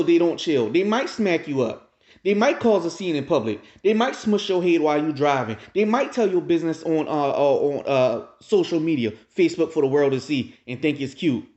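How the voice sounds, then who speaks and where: A man's voice: on the high side, lively intonation, moderate pace, a little mellow. A man hosting his own commentary video, ranting emphatically and talking straight to his viewers. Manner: addresses viewers directly. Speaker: commentary channel host. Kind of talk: casual reaction commentary. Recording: roomy, dull lo-fi sound.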